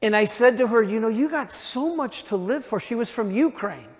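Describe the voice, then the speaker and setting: American priest telling stories to the congregation, pretty high voice, church echo all around. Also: male voice, moderate pace. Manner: animated conversational storytelling, addresses the audience directly. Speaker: Catholic priest. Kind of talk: retreat talk to a congregation. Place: large church. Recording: reverberant church hall.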